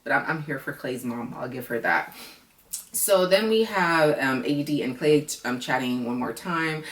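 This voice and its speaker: A woman's voice: deep voice, normal speed, roomy sound, far from the mic. A woman who reviews reality TV in a casual vlog, ranting bluntly and with a lot of profanity.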